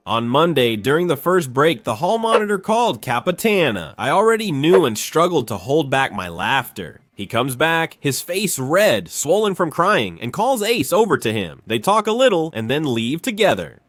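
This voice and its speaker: Lively high-voiced man telling a comic story. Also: no room sound. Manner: animated, slips into quick voices for the people he quotes.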